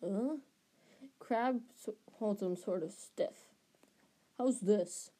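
An eager teenage schoolboy, casual and a bit hurried as he sneaks through the corridors, as a woman reading aloud puts him on. The voice stays close to an everyday reading voice. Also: mid-range voice, mellow.

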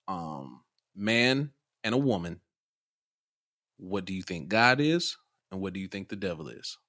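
A man's voice: deep voice, big pitch swings, a little slow, a bit bright. A man co-hosting a podcast in a laid-back, casual way, swearing freely. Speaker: podcast co-host.

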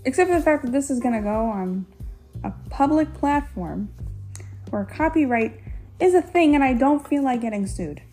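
Young woman, podcast co-host, casual chat, teasing, giggly, filler-heavy, mellow tone, faint music underneath. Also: sits high, lively intonation, fairly quick.

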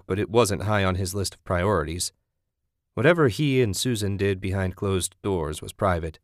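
A man narrating a novel as an audiobook reader in a measured, even delivery. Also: fairly low pitch, no room sound, clean studio sound.

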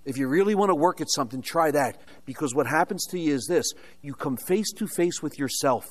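A man's voice: fairly high pitch, lively intonation, brisk. An older American man preaching a sermon, telling his own story with humorous asides and rhetorical questions. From United States. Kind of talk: sermon with personal testimony.

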